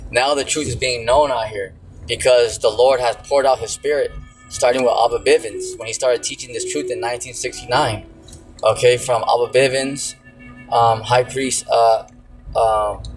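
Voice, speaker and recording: A man's voice: medium pitch, low-quality recording. Laid-back man preaching over music. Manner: casual street slang, frequent "you know" and "see". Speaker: religious teacher. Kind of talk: informal preaching.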